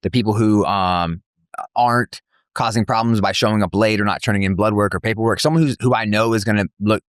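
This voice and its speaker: A man, an MMA promotion CEO, telling stories in a casual interview with animated slang and lots of fillers. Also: on the low side, no echo, studio quality. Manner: fast, animated storytelling with slang and filler words. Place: cafe.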